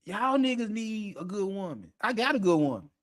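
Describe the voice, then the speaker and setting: A man's voice: high voice, very animated, moderate pace, a bit bright. A man hosting an unscripted monologue, blunt and profane, laughing often as he talks. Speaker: podcast host.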